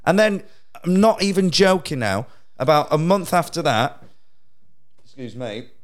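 A man with a voice on the high side, very animated and a little slow, tells a sweary anecdote like a stand-up comedian. He laughs through his own punchlines in casual podcast-style storytelling.

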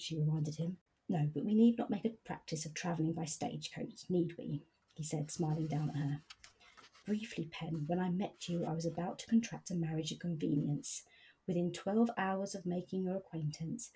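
A woman reading passages from a novel aloud and chatting about them in a measured, hesitant way. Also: lowish voice, warm tone, husky, low-quality recording.

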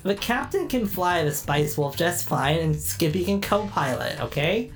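Woman, tabletop player, low voice, lively intonation, matter-of-fact. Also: a little slow, faint music behind. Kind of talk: playing a tabletop game.

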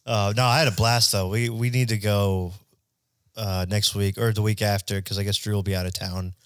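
A man's voice: lowish voice, steady tone, moderate pace, clean tone, dry recording, studio quality. Rambling young man telling bar stories. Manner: rambling storyteller, crude jokey banter. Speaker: podcast host. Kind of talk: casual chat.

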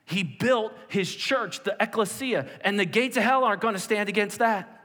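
A male pastor giving an animated sermon to a nearly empty church, acting out quotes in a raised voice. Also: high voice, moderate pace, long reverb tail.

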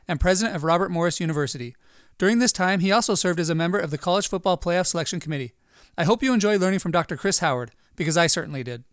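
Male podcast host: high, brisk voice, dry close sound, upbeat and polished. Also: clean tone, no echo. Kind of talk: scripted intro, then interview questions.

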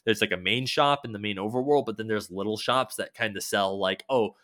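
A man's voice: fairly low pitch, fairly quick, fairly bright tone, dry recording, clean studio sound. A man casually rambling about a video game, loose and swearing now and then, with many fillers.

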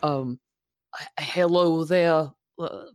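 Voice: medium pitch, fairly even intonation, takes it slowly, a little mellow, no room sound, lightly acted. A player voicing a female warrior who speaks with stilted, overly formal politeness and hesitations, in a dry close sound. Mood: stiffly polite.

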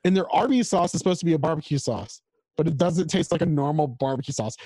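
A man's voice: a little high, fast talker, warm tone, slightly rough, no room sound, rough recording. A man co-hosting a podcast, chatting casually and rambling about food and guitar gear. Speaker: podcast co-host. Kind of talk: casual chat. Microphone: home mic over video call.

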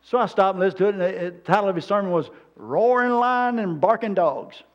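A man's voice: sits high, a little fast. A man preaching a sermon, telling rambling stories in a folksy, plain-spoken way. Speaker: pastor. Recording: dull lo-fi sermon recording.

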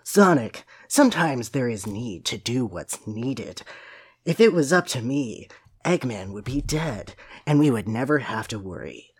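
A podcaster doing a gruff brooding hedgehog. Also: sing-song, unhurried. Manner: low, hushed and gruff. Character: brooding edgy male cartoon hedgehog antihero. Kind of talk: comic dramatic reading of a fan comic.

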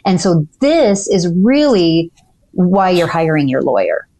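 Low-voiced woman lawyer explaining leases. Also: sing-song, measured pace, mellow. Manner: clear, methodical explaining with occasional fillers. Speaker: dental practice lawyer, guest. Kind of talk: podcast interview, explaining.

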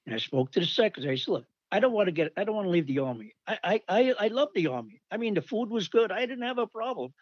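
An older man rambles through old army stories and animatedly acts out the people he quotes. His voice sits a touch high. The recording is dull and dry. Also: sing-song, fast talker, hardly any pauses, no echo. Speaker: storyteller recalling army days. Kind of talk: casual anecdote.

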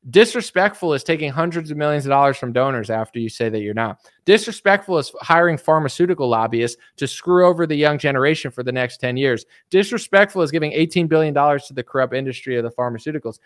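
A man's voice: on the high side, lively intonation, fast talker, hardly any pauses, no echo, studio quality. A man streaming commentary, ranting scornfully at his audience and mocking them with put-on voices. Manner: scornful, mocking, puts on voices to ridicule viewers.

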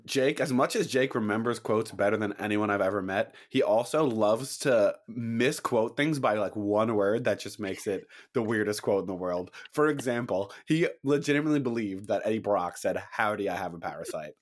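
A young man in his twenties co-hosts a casual podcast, talking in loose, rambling stretches full of restarts and quick laughs. His voice sits a little low, and the mic is close. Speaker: podcast co-host.

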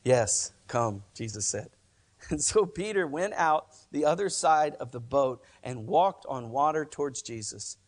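A man's voice: a little high, lively intonation, unhurried. A male pastor preaching a sermon in church, talking conversationally and emphatically, often repeating phrases.

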